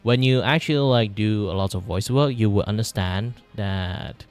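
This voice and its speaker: With a fairly low voice at a moderate pace and faint music behind him, a vtuber streamer from Malaysia talks casually while drawing live. He speaks English with a Malaysian accent, Mandarin being his first language, and his chat is rambling and filler-heavy, with shifts in register to demonstrate.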